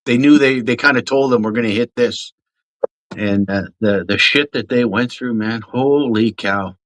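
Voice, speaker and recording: A man in casual conversation, talking in a relaxed, halting way with fillers. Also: medium pitch, poor audio. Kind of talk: casual chat.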